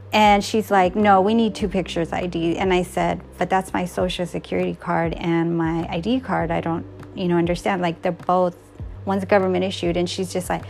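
Woman with a raspy fry voice, chatty storytime, acts out what people said. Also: lowish voice. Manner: animated retelling, quotes others in dialogue, laughs now and then. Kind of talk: casual storytelling.

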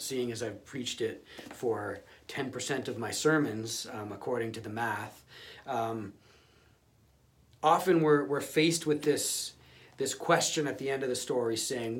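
A male pastor giving a conversational sermon, often restarting and repeating words. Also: mid-range voice.

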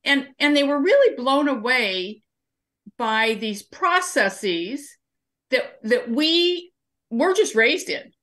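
A woman's voice: high-pitched, big pitch swings, slow pace, fairly bright tone. A woman guest in an interview, explaining her civic training work through everyday examples and anecdotes. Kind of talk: conversational interview answers.

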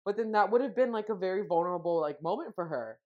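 Fast-talking and animated, this young woman's mid-range voice carries her rambling, filler-heavy podcast chat as a co-host. She grows emotional along the way, captured on dull lo-fi audio.

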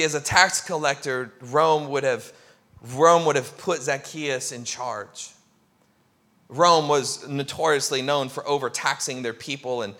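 A male pastor preaching a sermon, telling a story with lively acted-out crowd voices. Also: fairly high pitch.

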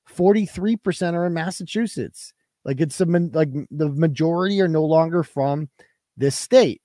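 Reading viewer donations on his live web show, a man rants with brash, profane combativeness. His voice sits fairly high, with a warm tone and normal speed, captured in studio quality without echo.

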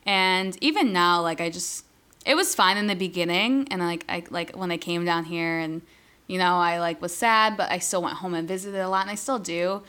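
Bright, lower-voiced young woman. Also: smooth. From Buffalo, New York. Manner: soft-spoken, halting, filler-heavy. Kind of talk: casual chat.

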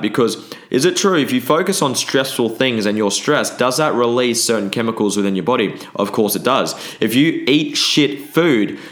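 A man, hosting a podcast and talking bluntly in a casual monologue, often swearing. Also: medium pitch. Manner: blunt and frequently swearing, with restarts. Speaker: podcast host.

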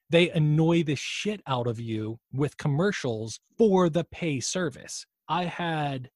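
A male podcast co-host chatting casually at a middle pitch, wandering off on tangents with plenty of swearing. His voice is close and dry, with no room sound behind it. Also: dry recording. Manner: rambling, profane, admits his own tangents. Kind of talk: casual chat.

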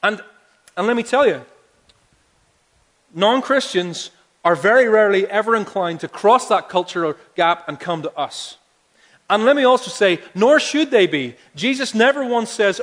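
Male preacher, chatty but rising to forceful emphasis, raised pitch, echoing sanctuary. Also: animated, moderate pace. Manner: conversational, building to emphatic appeals. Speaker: pastor. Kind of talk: sermon. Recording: long hall reverb.

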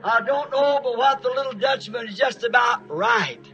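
High, bright-voiced folksy preacher. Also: male voice, moderate pace, muffled recording. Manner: folksy storytelling with emphatic outbursts. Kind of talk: sermon.

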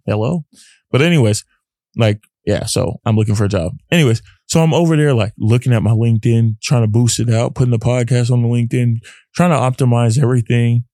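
A man's voice: medium pitch, creaky, mellow, no echo, clean studio sound. A young man hosting a casual solo podcast, talking in an earnest, rambling way. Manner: rambling, earnest, often acts out his own inner voice. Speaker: podcast host.

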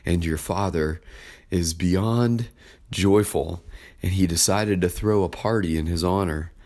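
A household servant passes along the news in a plain, matter-of-fact way, voiced by a man. His voice is deep and unhurried. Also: a little mellow.

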